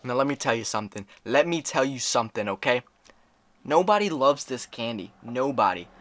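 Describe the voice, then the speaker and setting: A man's voice: mid-range voice, animated, fairly quick, fairly bright tone, slight background noise. A young man vlogging a candy taste test, dramatic and rambling, full of "like" and "you know". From Maryland, USA. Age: young adult. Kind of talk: casual vlog taste test.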